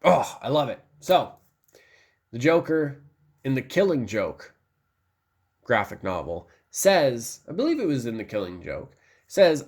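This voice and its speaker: Excited, rambling male film reviewer. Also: mid-range voice, unhurried, long pauses. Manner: enthusiastic and rambling, lots of fillers. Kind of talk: casual film review talk.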